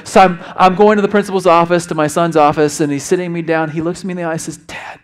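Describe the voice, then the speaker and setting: A middle-aged man preaching a sermon, telling a family story with lively acted-out dialogue before a quiet prayer. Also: a little high, fast, hardly any pauses, clean tone. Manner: animated storyteller acting out family dialogue, then hushed prayer. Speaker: pastor.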